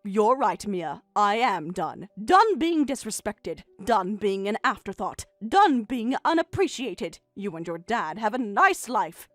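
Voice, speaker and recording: A woman's voice: medium pitch, very animated, measured pace, hardly any pauses, a bit bright, no room sound, faint music behind. A woman playing a bitterly sarcastic mother. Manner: biting sarcasm. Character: middle-aged mother, hurt and bitterly sarcastic. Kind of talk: text-message story voice acting.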